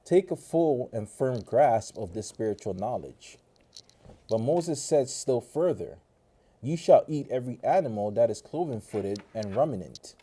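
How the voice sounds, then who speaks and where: A man reading a scripture passage aloud in a measured, solemn way. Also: medium pitch, lively intonation, warm tone, husky. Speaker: scripture reader.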